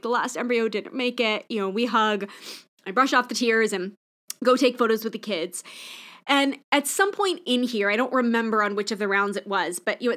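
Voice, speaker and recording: A woman's voice: fairly high pitch, pushed and bright. A woman hosting a podcast, speaking candidly and emotionally in a reflective personal monologue. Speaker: podcast host.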